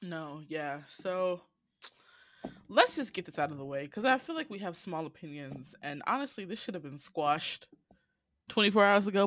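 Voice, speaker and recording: A woman with a Southern drawl hosts a podcast with loose, profane storytelling. Her pitch swings widely, from low asides to high squeals. The sound is close and dry. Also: no room sound. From Georgia, US. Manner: animated, profane, dramatic voice swings. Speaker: podcast host.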